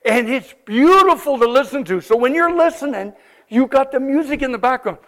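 A man telling a missionary testimony to a congregation, animated and exclaiming often as he cues slides aloud. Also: extremely high pitch, a little fast. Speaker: visiting missionary speaker.

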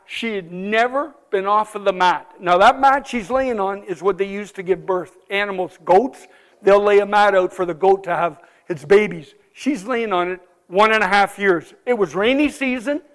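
A man telling a missionary testimony to a congregation, animated and exclaiming often as he cues slides aloud. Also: sits high. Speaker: visiting missionary speaker.

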